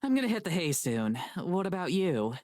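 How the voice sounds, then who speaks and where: A blunt, teasing best friend. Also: female voice, lowish voice, very animated, normal speed, darkish tone, no room sound. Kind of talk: visual novel voice acting.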